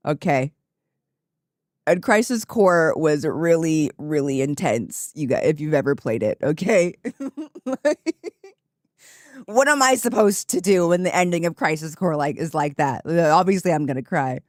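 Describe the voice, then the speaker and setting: A woman streamer chatting casually with her viewers, telling a story with lively asides and laughter. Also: sits low, a little slow, dry recording, clean studio sound.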